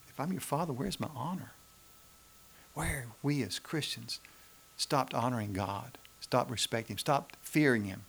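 A man delivers a sermon in a gravelly voice of ordinary pitch. He climbs into emphatic peaks, then drops to hushed, slower passages. He repeats key phrases to drive them home. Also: a little hiss or hum. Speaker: preacher.

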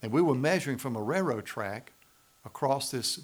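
A man's voice: medium pitch, lively intonation, moderate pace. A man with a Southern US accent preaching a sermon in a conversational, pleading way, often asking the audience questions. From Macon, Georgia, US South. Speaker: pastor.

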